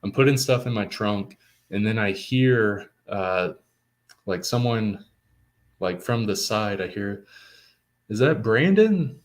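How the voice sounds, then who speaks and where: A young man, a comics writer and guest, telling a story with excitement and lots of filler words. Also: lowish voice, slow. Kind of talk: casual storytelling.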